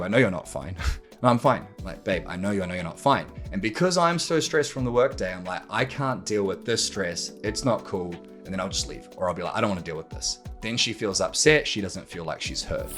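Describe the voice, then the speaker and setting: Male podcast host, lowish voice, blunt, swears, acts out quotes, faint guitar music. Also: a bit bright. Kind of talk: monologue to camera.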